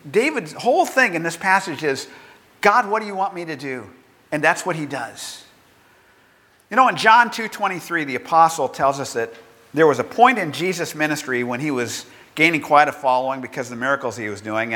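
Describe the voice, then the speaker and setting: An older man preaching a sermon in an earnest, conversational way, acting out quotes with lively energy. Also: a little high, in a large hall. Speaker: pastor.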